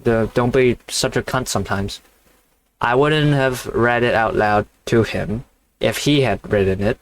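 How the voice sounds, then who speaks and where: A man reading a novel aloud haltingly and breaking off into blunt, casual, swearing commentary. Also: mid-range voice. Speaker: reader reacting to a novel.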